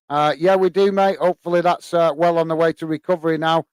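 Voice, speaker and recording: Male livestream host, slightly high voice, smooth and clear, close and dry sound, easygoing chatter. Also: moderate pace, hardly any pauses, dry recording. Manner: relaxed, chatty, many fillers, calls listeners mate. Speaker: host of a football fan channel. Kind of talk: casual live-stream chat reading viewer comments.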